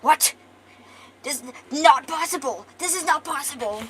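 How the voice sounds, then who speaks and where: A woman voicing a cruel male villain who taunts and gloats, sometimes sinking to a menacing hush. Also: mid-range voice, normal speed, gravelly, slightly rough, distant mic, faint music behind. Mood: shocked.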